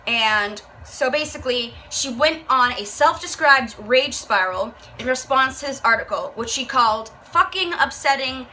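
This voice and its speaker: A woman's voice: high voice, animated, normal speed, few pauses, pushed and bright, slight background noise, poor audio. A young woman vlogger reading a book aloud and reacting with profane, exasperated commentary. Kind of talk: casual rant, reading aloud.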